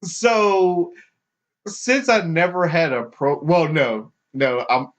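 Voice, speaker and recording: A man hosting a podcast, telling a story casually and putting on high mocking voices for the people he quotes, laughing often. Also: takes it slowly. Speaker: podcast host. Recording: dull lo-fi podcast recording.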